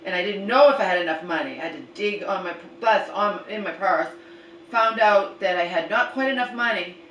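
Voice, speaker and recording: A woman's voice: medium pitch, a little fast, fairly bright tone, echoey room, recorded from a distance, a little hiss or hum, rough recording. A woman vlogging a rambling, exasperated story and retelling arguments, swearing now and then.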